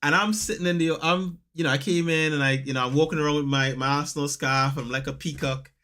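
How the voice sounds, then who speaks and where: A man, telling animated stories in a casual podcast chat and acting out the people he quotes. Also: a little high, fast talker. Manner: animated storyteller, acts out quotes, laughs often. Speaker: podcast co-host.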